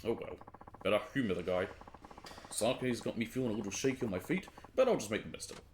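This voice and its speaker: An easygoing, polite grown man, read by a man voicing game lines. He stays calm and a little exasperated, his voice dropped a touch lower and softer. A faint hiss sits beneath it. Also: fast, natural voice. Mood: patient. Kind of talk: reading game dialogue aloud.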